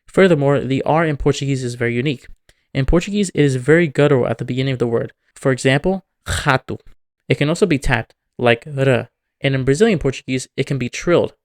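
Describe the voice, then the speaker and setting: A man's voice: mid-range voice, fast, darkish tone. A man narrating a scripted educational video, explaining points methodically and working example words into his explanations. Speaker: language video host.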